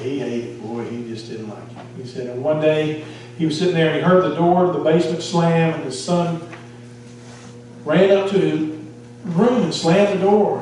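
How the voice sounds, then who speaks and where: A man's voice: fairly high pitch, dark tone, a little hiss or hum. A male pastor preaching a sermon, telling a story and putting questions to the congregation. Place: church sanctuary. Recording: echoey church hall, from far off.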